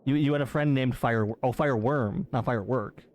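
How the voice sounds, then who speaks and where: Speaking at a medium pitch with a darkish tone, a man on a live stream reads his chat's messages aloud. He talks casually, teases back, and is quick to protest their ribbing in disbelief.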